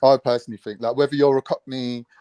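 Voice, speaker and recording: A man's voice: mid-range voice, flat delivery, fast, dark tone, smooth, no room sound. A man, chatty and jokey, talking with friends on an online panel and slipping between slang and proper speech. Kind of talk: casual online panel chat.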